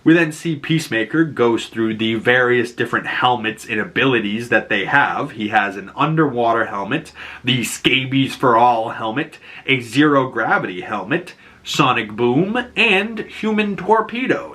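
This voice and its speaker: A man with a Boston accent casually recapping a TV episode, laughing often and acting out characters' lines in quick bursts. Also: mid-range voice, expressive, sharp tone. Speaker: show recap host.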